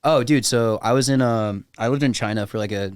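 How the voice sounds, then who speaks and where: A man's voice: medium pitch, a little fast, clean tone. A young man chatting as a podcast guest, rambling through a story with constant filler words. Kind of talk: casual chat.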